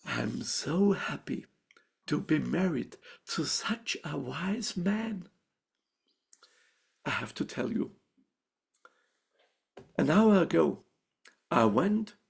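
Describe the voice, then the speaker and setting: An Austrian man voicing a middle-aged peasant wife who fusses over her husband, in high, drawn-out exclamations. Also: creaky, breathy edge, exaggerated voice. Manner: shrill, excitable, drawn-out exclamations.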